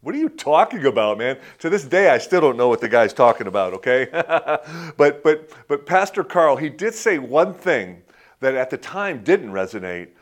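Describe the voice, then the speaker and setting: Speaking at a moderate pace with a sing-song lilt, a man in his fifties with a mid-range voice preaches a relaxed, chatty sermon. His folksy personal anecdotes are full of restarts and little chuckles.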